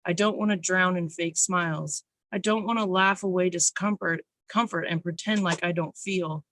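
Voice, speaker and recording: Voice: mid-range voice, steady tone, moderate pace, fairly bright tone, dry recording. Intense poet, dry close sound. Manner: nervous, intense delivery. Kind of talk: spoken word poetry reading. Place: online open mic.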